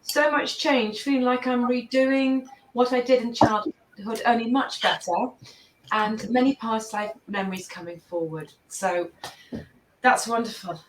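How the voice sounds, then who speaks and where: A woman's voice: on the high side, unhurried. A woman hosting a live stream on a video call, effusive and gushing as she talks with her guest. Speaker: host. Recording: roomy, distant video-call audio.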